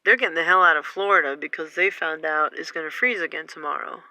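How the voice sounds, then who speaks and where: A woman filming outdoors on a phone, giving an excited, breathless running commentary and exclaiming over and over. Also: low-pitched, fast, no room sound. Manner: breathless, exclaiming, repeating herself. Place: outdoors in the cold.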